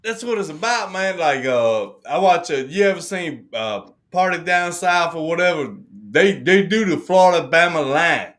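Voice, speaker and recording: A man with a Southern accent and a high, bright voice, talking on a rowdy live stream. He jumps in loudly, laughs often and eggs on whoever is talking. He is from Alabama. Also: expressive, normal speed, few pauses. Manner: loud, laughing, hyped-up interjections. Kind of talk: casual chat.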